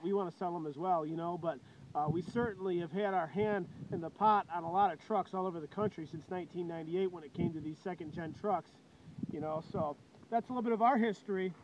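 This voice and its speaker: A man's voice: sits high, dull audio, background noise. A man selling trucks with a joking, hyped sales patter, recorded outdoors in the cold on a handheld camera mic. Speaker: truck dealer.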